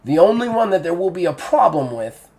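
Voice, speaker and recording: A man's voice: high-pitched, very animated, a little fast, darkish tone, voice pushed up. A man voicing a composed, teasing female faction leader in a live-play tabletop game. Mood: persuasive.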